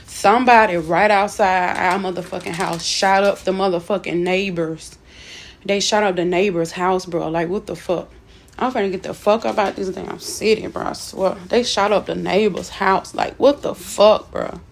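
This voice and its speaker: A woman's voice: medium pitch, fairly even intonation, normal speed, vocal fry, a little hiss or hum. A shaken woman, just woken from sleep, venting angrily to her viewers with heavy swearing and repetition. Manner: profane, repetitive, agitated. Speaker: vlogger. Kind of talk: angry venting to camera.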